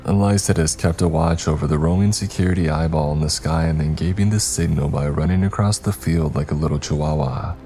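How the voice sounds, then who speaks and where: A man narrating a scary story in a steady, wry, scripted storytelling manner. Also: extremely low pitch, brisk, few pauses, slight background noise.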